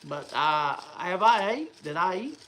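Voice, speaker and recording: A man chats loosely with his viewers, wandering from one thought to the next. His voice sits fairly high and has a gravelly fry. It sounds bright, with a faint hum of room noise behind it. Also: sing-song, measured pace, poor audio. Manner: rambling, chatty, restarts and fillers. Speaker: livestream host. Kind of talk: casual livestream chat.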